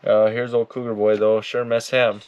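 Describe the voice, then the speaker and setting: A man's voice: lowish voice, little pitch movement, moderate pace, darkish tone, dry recording, lo-fi sound. A man giving casual, rambling commentary as he reacts to his old videos, laid-back and swearing often. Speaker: outdoors YouTuber.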